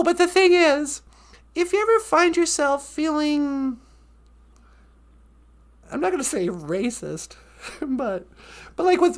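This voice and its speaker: A woman hosting a live-stream podcast in casual chat, laughing often and reading lines slowly and dreamily. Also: high-pitched, vocal fry, a little mellow. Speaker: podcast host.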